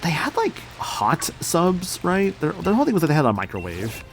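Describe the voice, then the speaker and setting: A man's voice: on the high side, wildly swooping pitch, moderate pace, faint music behind. A man in his late twenties streaming a game and chatting casually, rambling and laid-back, swearing a lot. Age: late 20s.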